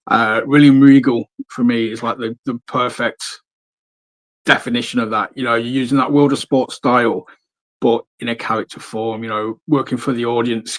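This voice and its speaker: A man's voice: medium pitch, steady tone, a little fast. A man hosting a podcast interview, chatty and encouraging toward his guest. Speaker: podcast host.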